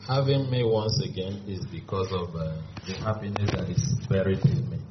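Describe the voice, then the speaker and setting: A man's voice: deep voice, normal speed, very noisy. Man, playful and upbeat, echoey dull lo-fi sound. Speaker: beneficiary giving testimony. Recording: echoey room, dull lo-fi audio.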